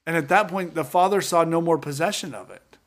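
A man co-hosting a podcast, talking through a Bible passage and acting out its characters with lively voices. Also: on the high side, brisk. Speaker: podcast co-host. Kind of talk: Bible study podcast chat.

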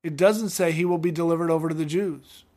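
A man co-hosting a podcast, reading scripture and retelling the stories with animated acted-out voices in a studio. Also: fairly high pitch, fast talker. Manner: animated storyteller acting out scenes. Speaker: podcast co-host. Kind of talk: casual Bible-reading podcast chat.

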